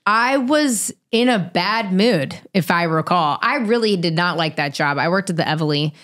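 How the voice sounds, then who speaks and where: A woman in her thirties telling stories as an interview guest, animated, profane and self-mocking. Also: on the low side, normal speed. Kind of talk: casual storytelling.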